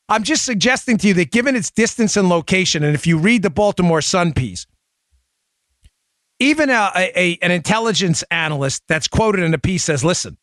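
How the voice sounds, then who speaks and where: High-voiced, emphatic male talk host. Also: a bit bright, dry recording, clean studio sound. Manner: rapid, emphatic, addresses listeners directly. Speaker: show host. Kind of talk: opinion talk show monologue.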